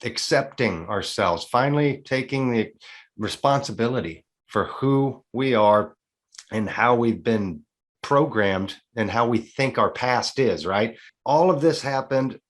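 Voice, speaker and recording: A man in his forties telling a personal story as an interview guest, earnest and animated, acting out dialogue as he goes. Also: mid-range voice, unhurried. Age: 40s.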